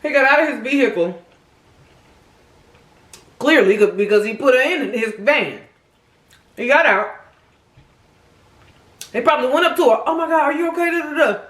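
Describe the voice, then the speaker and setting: Lively sassy woman vlogger. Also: high voice, normal speed, long pauses, roomy sound. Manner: animated, sassy, talks straight to viewers. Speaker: mukbang host. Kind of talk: casual true-crime storytelling while eating.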